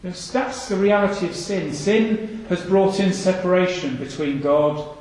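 A man's voice: high-pitched, unhurried, darkish tone. A man preaching a sermon, earnest and full of rhetorical questions, repeating his phrases for emphasis. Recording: echoey hall reverb.

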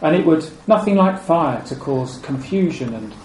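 A preacher with a high yet warm, mellow voice delivers a measured, expressive sermon. He repeats key phrases, letting them drop low and soft, in an echoey room with faint ambient noise.

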